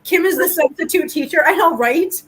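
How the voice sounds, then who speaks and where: A woman's voice: extremely high pitch, a little fast, slight background noise, low-quality recording. A woman hosting a casual live chat about cats, playful and mock-offended. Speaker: livestream host.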